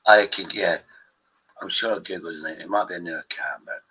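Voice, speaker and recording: A man's voice: low voice, brisk, pushed and bright, slightly rough, low-quality recording. A man hosting a live stream, rambling in casual chat with his viewers, swearing freely and restarting his sentences often.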